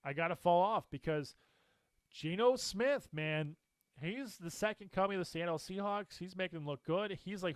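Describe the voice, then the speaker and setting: A man co-hosting a casual sports talk show, animated and opinionated, laughing often as he makes his picks. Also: high voice, moderate pace, smooth, no room sound. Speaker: co-host.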